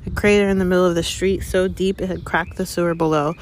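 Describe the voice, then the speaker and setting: A woman's voice: fairly low pitch, level tone, fast talker, a little hiss or hum, lightly acted. A woman voicing a pompous, anxious middle-aged male government minister in an audiobook, grave and official in manner. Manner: grave, official, speaks bitterly and sharply.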